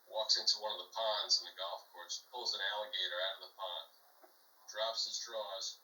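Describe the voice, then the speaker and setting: Deep-voiced man telling a joke. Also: steady tone, normal speed, pushed and bright, roomy sound, distant mic, poor audio. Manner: rambling storyteller with fillers. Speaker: podcast guest or co-host. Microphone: video call.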